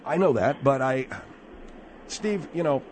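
A man's voice: medium pitch, unhurried, darkish tone, a little hiss or hum. A man hosting a radio talk show from the studio, probing and needling a caller.

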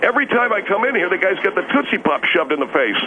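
A man voicing a blunt, irritable male restaurant owner who talks fast and swears, in a radio comedy sketch. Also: sits high, sing-song, phone-quality sound, slight background noise, pitched above the performer's own voice. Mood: exasperated.

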